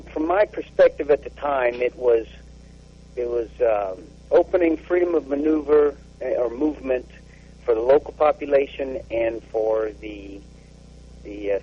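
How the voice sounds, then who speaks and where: A man, an army officer, recounting a deployment in a radio interview, halting with many fillers and restarts. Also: mid-range voice, husky. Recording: dull lo-fi radio sound.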